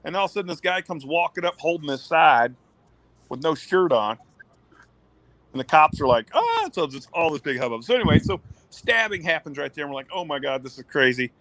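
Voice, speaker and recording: A man in his thirties spins a rambling, profane story in a slightly high voice. He bounces through it, acting out the other people's lines as he goes. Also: fairly quick, no room sound, low-quality recording. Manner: animated, swearing, acts out quotes. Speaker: guest, former pitcher. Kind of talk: casual storytelling.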